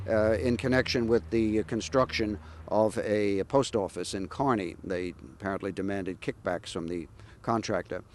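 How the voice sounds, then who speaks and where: A man sharing historical anecdotes about local politicians in a measured, pausing way. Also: medium pitch, a little hiss or hum. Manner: measured, anecdotal with frequent "uh" pauses. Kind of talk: historical storytelling.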